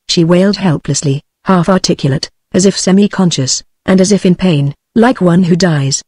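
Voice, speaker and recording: A computer-generated woman's voice with a British English accent, reading a novel aloud at an even, synthetic pace. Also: lowish voice, normal speed, breathy edge, no echo. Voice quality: synthetic, evenly paced. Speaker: audiobook narrator. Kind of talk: text-to-speech audiobook reading.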